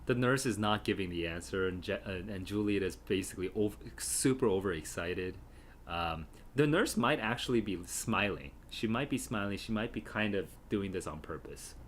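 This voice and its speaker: A man's voice: fairly low pitch, animated, normal speed, a little hiss or hum. A man reading a play and reacting to it casually, musing aloud and correcting himself as he goes. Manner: musing, self-correcting, chatty.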